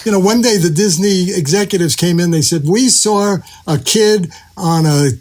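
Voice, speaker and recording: A man's voice: high-pitched, moderate pace, darkish tone. A man, an executive producer and head writer, telling stories about casting in a casual podcast chat and acting out the lines he quotes. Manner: storytelling, acts out quoted lines.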